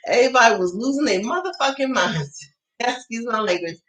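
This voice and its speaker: A woman's voice: a little high, poor audio. A woman hosting a casual livestream, telling stories bluntly with a lot of swearing and laughter, acting out her own past remarks in quoted voices. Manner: blunt, profane storytelling with frequent laughter. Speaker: tarot channel host.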